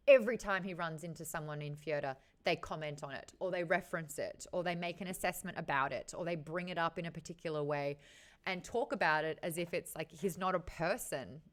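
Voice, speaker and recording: A woman hosting a casual book discussion, chatting frankly with her live viewers and swearing now and then. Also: low voice. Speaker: host of a book chat show.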